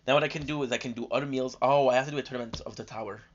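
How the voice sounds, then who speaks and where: A man's voice: medium pitch, steady tone, very fast, a little hiss or hum. A man streaming live gameplay, talking casually and rambling with lots of fillers, tired and coming down with a cold. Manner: rambling, chatty, many fillers and restarts. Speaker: gaming streamer. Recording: dull lo-fi stream audio.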